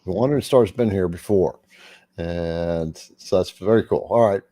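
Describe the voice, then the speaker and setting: A man's voice: low voice, moderate pace, dark tone, no room sound. A man hosting a casual livestream, chatting and greeting viewers by name. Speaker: livestream host.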